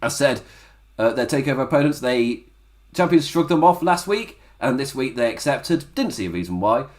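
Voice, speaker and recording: A man talks through a wrestling episode in a loose, rambling solo review. His pitch swings widely as he chuckles at his own asides and slips into quick mock voices. It sounds like an offhand chat rather than a script. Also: sing-song, darkish tone. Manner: rambling, laughs often, does mock voices. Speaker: wrestling review podcast host. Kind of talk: casual solo review commentary.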